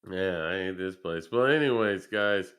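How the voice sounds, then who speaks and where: Tired host with a smooth low voice. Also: male voice, animated, normal speed, a bit bright. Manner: tired, easygoing. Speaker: podcast host and player. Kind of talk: casual outro chat.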